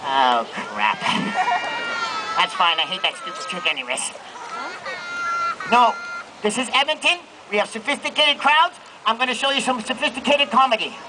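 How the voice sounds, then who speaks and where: A man's voice: very high-pitched, big pitch swings, moderate pace, long pauses. A man working a street show crowd, with sarcastic, self-mocking comedy banter. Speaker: street performer. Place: outdoor street festival crowd. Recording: noisy outdoor crowd recording. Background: crowd and children.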